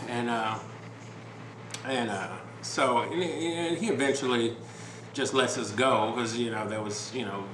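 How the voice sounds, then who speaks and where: A man's voice: medium pitch, unhurried. Guy on a podcast telling a story, loose and rambly, lots of uh and you know, roomy echo and background noise. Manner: relaxed, rambling, many fillers and restarts. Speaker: podcast host. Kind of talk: casual storytelling chat.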